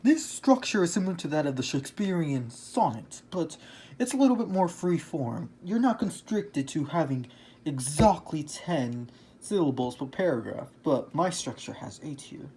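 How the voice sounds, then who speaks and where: A man's voice: a little high, big pitch swings, moderate pace, a little mellow, a little hiss or hum. A man playing an earnest male romantic poet who speaks as a guest in a lecturing, explanatory way. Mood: explaining.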